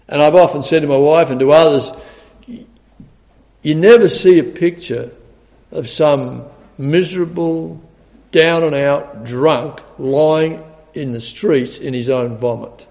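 A man's voice: mid-range voice, measured pace, creaky, a little mellow. Male preacher, earnest and emphatic, repeats words for weight; dull recording with a hall echo. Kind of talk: sermon.

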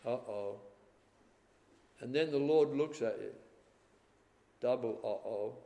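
Male preacher, sermon, dramatic swings between loud and hushed, long reverb. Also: mid-range voice, slow, gravelly.

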